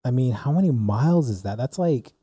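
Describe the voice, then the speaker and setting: A man's voice: mid-range voice, fairly quick, husky, no echo, studio quality. A young man casually telling a rambling story on a podcast, full of "like" and "dude". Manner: rambling, animated storyteller with many "like"s. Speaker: podcast co-host.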